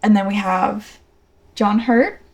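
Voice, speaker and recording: A young woman in easy, chatty conversation, eagerly sharing trivia and laughing along. Her voice sits at an ordinary middle pitch. She talks like a devoted fan catching up with friends. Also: takes it slowly, a little mellow. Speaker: podcast co-host. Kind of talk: casual chat reviewing a TV episode.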